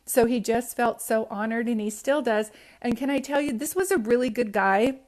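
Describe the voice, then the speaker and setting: A woman with a fairly high, slightly mellow voice gives a psychic reading at normal speed on a phone livestream. Chatty and emotional, she is at times close to tears and keeps asking whether what she says makes sense to the listeners.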